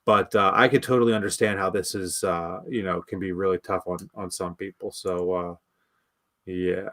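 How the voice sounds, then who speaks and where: A man's voice: low-pitched, fairly even intonation, moderate pace, a bit bright. A man co-hosting a fan podcast, talking in a laid-back, rambling way with lots of fillers. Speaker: podcast co-host. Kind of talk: casual chat. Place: home, remote call.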